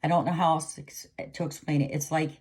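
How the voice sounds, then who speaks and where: A woman's voice: low voice, little pitch movement, quick pace, a little mellow, breathy edge. A middle-aged woman giving an emotional intuitive reading to camera, pleading and repeating herself. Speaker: psychic reader.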